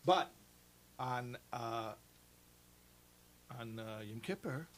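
A man in casual chat, explaining a prayer service and telling an anecdote with lively voices. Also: mid-range voice, moderate pace, slight background noise. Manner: storytelling, animated put-on voices for anecdotes. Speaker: co-host.

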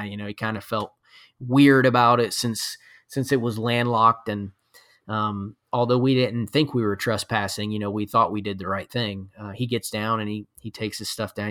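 Rambling male hunting storyteller. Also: lowish voice. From Florida. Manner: rambling, animated storyteller with many fillers. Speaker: podcast guest. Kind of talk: casual storytelling.

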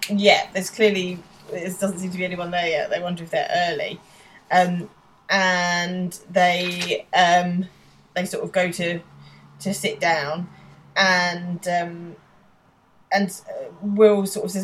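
A woman's voice: on the low side, little pitch movement, slow, fairly bright tone, slight background noise, low-quality recording. A young woman from London with a London accent, casually recapping a sitcom episode on a podcast and laughing often. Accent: London English. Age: young adult. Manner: chatty, laughs often, acts out quotes. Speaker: podcast co-host.

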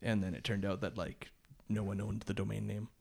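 A man's voice: on the low side, level tone, brisk, gravelly, darkish tone, slightly rough. A man, a podcast co-host, telling a long story in a rambling casual way, full of restarts and short laughs.

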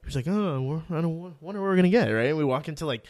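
A man's voice: fairly high pitch, expressive, rapid-fire, darkish tone, dry recording. A young man co-hosting a podcast, rambling through funny stories with lots of swearing and laughter. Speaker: podcast co-host. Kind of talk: casual chat.

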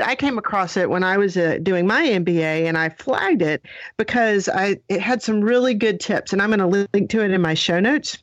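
A middle-aged woman hosting a podcast, talking to her listeners in a chatty, animated way. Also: fairly low pitch, no echo, dull audio. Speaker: podcast host. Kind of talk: casual podcast chat.

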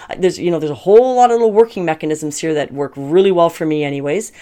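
A woman's voice: sits low, fast talker, dark tone. A middle-aged woman giving a casual motivational talk to camera, candid and chatty, laughing often as she goes. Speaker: self-help vlogger.

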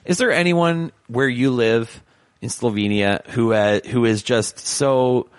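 A man hosting a podcast in casual chat, animated and joking, rambling with restarts. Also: medium pitch, takes it slowly, no echo. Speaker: podcast host.

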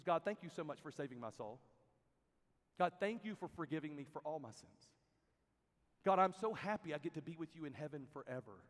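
Youth camp preacher guy, highish voice, goes quiet then loud, big echoey hall. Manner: storytelling, swings from hushed to loud and emphatic. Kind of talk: sermon. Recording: reverberant hall.

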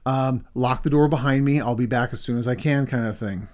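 A middle-aged man, a counselor, telling a story in a casual conversation with his wife, animated when he reenacts things. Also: medium pitch, a little fast.

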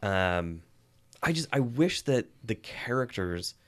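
A man's voice: mid-range voice, big pitch swings, slow. A man co-hosting a film review podcast in casual chat, sarcastic and laughing often.

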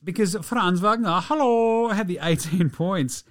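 Animated sweary sports podcaster. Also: male voice, medium pitch, normal speed, soft background music. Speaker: podcast host. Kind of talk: casual sports podcast recap.

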